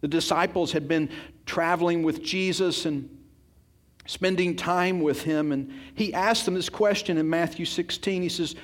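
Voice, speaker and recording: Speaking at a moderate pace in a slightly high voice, a man preaches an earnest, emphatic sermon. He often repeats words and puts questions directly to his congregation.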